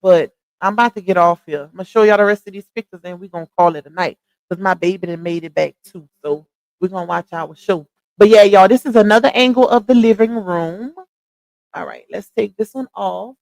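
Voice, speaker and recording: A woman's voice: medium pitch, fairly quick, a little mellow, no echo. A young woman with a Louisiana Southern accent, chatting casually with her livestream viewers and laughing often. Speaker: livestream host.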